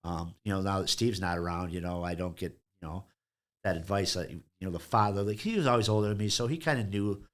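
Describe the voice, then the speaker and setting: A man's voice: deep voice, fast. A man guesting on a podcast, speaking in a rambling, profane way that jumps between thoughts. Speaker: podcast guest, business owner. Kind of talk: casual interview chat.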